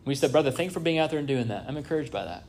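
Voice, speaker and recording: A man's voice: on the high side, expressive, rapid-fire, darkish tone. A man from Southern California preaching a sermon in a church, conversational, often checking in with the congregation. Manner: conversational preaching with frequent "right?" asides. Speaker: pastor. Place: church sanctuary.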